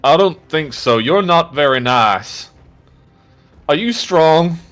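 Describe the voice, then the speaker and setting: A whiny Texan brute with a mustache. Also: male voice, on the high side, animated, slow, fairly bright tone, soft background music, pitched above the performer's own voice. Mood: menacing. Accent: American Southern. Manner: whiny, petulant, drawling. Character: shirtless bald mustached brute man, childish and menacing.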